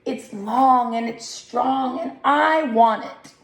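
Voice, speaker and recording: Woman voicing a pleading young turkey hen; squawky, high, roomy echo, storybook. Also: takes it slowly, creaky. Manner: high squawking gobbles, whiny begging. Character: young female turkey, self-pitying and pleading.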